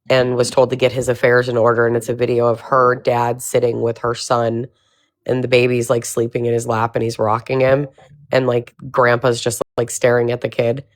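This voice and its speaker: A woman chatting casually on a livestream, sarcastic and chatty, with "like" scattered through her talk. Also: rumbling low. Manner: chatty, sarcastic, says "like" often. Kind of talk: casual chat.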